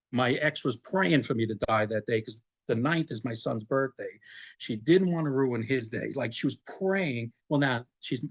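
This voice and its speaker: A middle-aged man speaks in an everyday mid-range voice, recounting his experience as an interview guest. He is animated and laughs easily. His words often stumble, restart and double back as he goes. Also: mid-range voice. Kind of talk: conversational storytelling.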